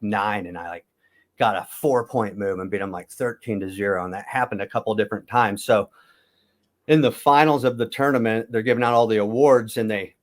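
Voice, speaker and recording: A middle-aged man from the United States, a former wrestler, telling stories in a casual interview, rambling and correcting himself as he goes. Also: lowish voice. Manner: rambling, self-correcting, chuckles at his own stories. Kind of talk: casual storytelling.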